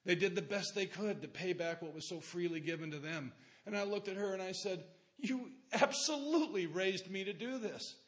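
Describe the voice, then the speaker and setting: A middle-aged man telling his life story to a recovery meeting, plain-spoken, with dry dark humor and rhetorical questions to the listeners. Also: high-pitched, normal speed.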